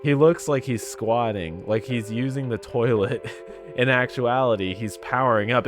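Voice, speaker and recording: A man's voice: medium pitch, expressive, measured pace, music in the background. A man reading a story game's text aloud, making joking remarks between the lines. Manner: reads narration, breaks into laughs and jokes. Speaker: gamer playing a text game.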